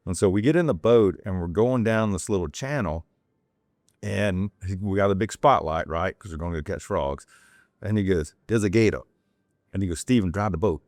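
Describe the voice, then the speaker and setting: A man's voice: sits low, moderate pace, darkish tone, dry recording, studio quality. A man from North Carolina, a podcast guest, telling casual, digressive anecdotes full of restarts. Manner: acts out quoted people in a raised voice. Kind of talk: casual storytelling.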